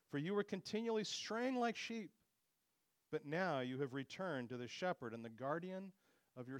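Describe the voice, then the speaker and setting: A man's voice: fairly high pitch, no room sound, clean studio sound. A man preaching a sermon with earnest, expository delivery, lifting his voice when he quotes scripture.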